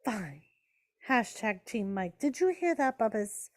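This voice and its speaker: Slow-talking woman hosting a stream. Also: fairly high pitch, very animated. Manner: chatty, answers chat and talks to her pets. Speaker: streamer hosting a wrestling watch party. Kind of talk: casual live-stream chat and commentary.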